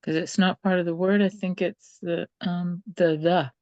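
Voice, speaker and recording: A woman's voice: fairly low pitch, steady tone, normal speed, a little mellow, no echo, highs cut off. A woman student answering questions in an online class, hesitant and searching for words. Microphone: video call.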